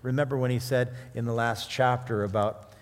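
A man preaching a sermon, mixing scripture with animated personal stories and jokes. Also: mid-range voice, normal speed. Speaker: pastor. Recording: long hall reverb.

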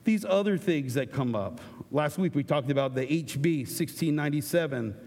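A middle-aged male pastor with a gravelly edge to his voice, preaching in an animated, joking way. His words ring out with a long echo around a church hall. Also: on the high side, normal speed, slight background noise. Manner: animated, jokey preaching with acted asides. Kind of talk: sermon.

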